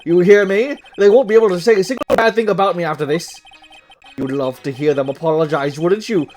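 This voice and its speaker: A man's voice: sits high, fairly quick, soft background music, voice pushed up, natural voice. A man voicing an arrogant, gloating middle-aged male doctor in game dialogue read on a stream. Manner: loud, gloating, boastful.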